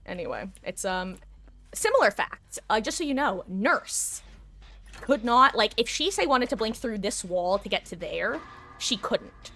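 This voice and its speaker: A woman's voice: mid-range voice, very animated, measured pace, gravelly, sharp tone. A woman live-streaming a video game, chatting casually and explaining tactics to her viewers. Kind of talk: casual gameplay commentary.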